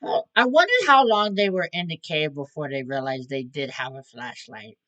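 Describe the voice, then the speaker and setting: A young man commenting on a video he is watching. He keeps swinging his bright voice up and down as he rants in disbelief, swearing and stopping himself mid-thought. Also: a little high, moderate pace, dull audio. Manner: excitable, incredulous, swears, talks over the clip. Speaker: reaction video host. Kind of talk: casual reaction commentary.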